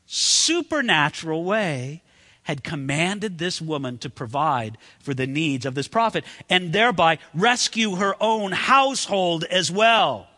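A man preaching a sermon in an animated way, acting out the voices in the story he tells. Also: fairly high pitch, unhurried, in a large hall. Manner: animated, acts out quoted voices.

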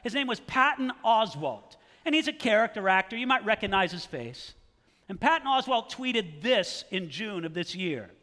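High bright-voiced preacher in a reverberant hall. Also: male voice, moderate pace. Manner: animated, rhetorical questions, mock-challenging tone. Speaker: pastor. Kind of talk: sermon.

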